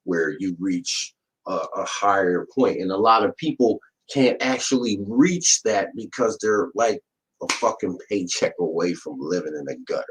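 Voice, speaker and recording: A man's voice: sits low, moderate pace, low-quality recording. A young man in casual podcast chat, laid-back and slangy, swearing in passing. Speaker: podcast co-host.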